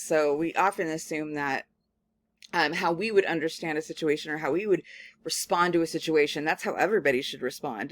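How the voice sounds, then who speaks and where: Woman lecturer, conversational and animated, loose filler-heavy delivery, dry recording. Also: fairly low pitch, no room sound. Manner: casual, animated storytelling full of "like" fillers. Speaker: communication studies professor. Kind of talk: recorded lecture with personal anecdote.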